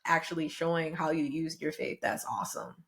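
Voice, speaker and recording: A woman's voice: low-pitched, completely flat delivery, fairly quick, a bit bright. A woman hosting an interview, giving short affirmations and asking open questions. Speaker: podcast host, interviewer. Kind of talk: interview conversation.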